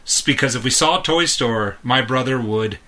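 A man's voice: mid-range voice, moderate pace, bright, forceful tone. A man in his thirties, a podcast co-host, telling a long rambling story in casual chat and chuckling often.

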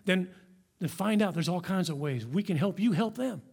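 Earnest high-voiced pastor preaching. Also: male voice, lively intonation, normal speed, vocal fry, darkish tone, slightly rough. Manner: earnest, exhorting. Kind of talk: sermon. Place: church sanctuary.

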